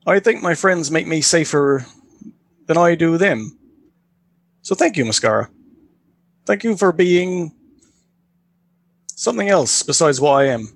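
A man voicing an earnest, humble young man who speaks politely and sincerely, in a voice pitched above his own. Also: expressive, a little slow, long pauses, dry recording. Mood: warm.

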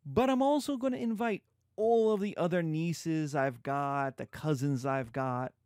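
A man's voice: a little high, measured pace, a little mellow, no room sound, clean studio sound, natural voice. A man voicing a wavering, indulgent father who frets and tries to please, then blusters. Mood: eager. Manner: hesitant, fussy, eager to please.

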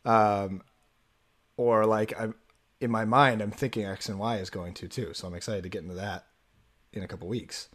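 Hesitant low-voiced young man. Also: steady tone, moderate pace. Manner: hesitant, searching for words, soft-spoken asides. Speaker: podcast co-host. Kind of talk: casual chat.

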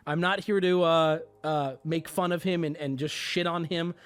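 A man's voice: fairly high pitch, steady tone, normal speed, clean tone. A man hosting a livestream, talking casually and profanely to his chat, often breaking into laughter. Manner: profane, rambling, talks straight to chat. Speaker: livestream host.

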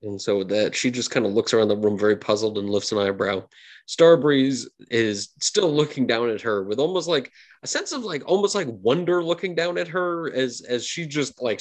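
A man running a tabletop game as game master. He narrates in a chatty way with lots of fillers. His voice sits at a middling pitch.

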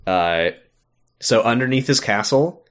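A man co-hosting a podcast, casually recapping a video game with lots of fillers and quick laughs. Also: medium pitch, expressive, fairly bright tone. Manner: rambling, with many fillers, laughs and acted-out quotes. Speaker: podcast co-host.

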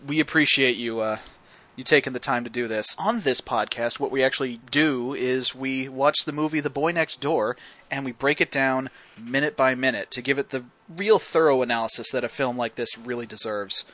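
A man's voice: mid-range voice, normal speed, sharp tone. A man hosting a casual podcast that breaks down a film, wry and detailed, quoting scenes as he goes. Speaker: podcast host.

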